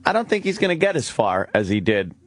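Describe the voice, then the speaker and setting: A man's voice: lowish voice, very animated, a little fast. A middle-aged man, co-hosting a radio talk show in a sarcastic, mocking way. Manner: sarcastic, mocking, puts on silly voices.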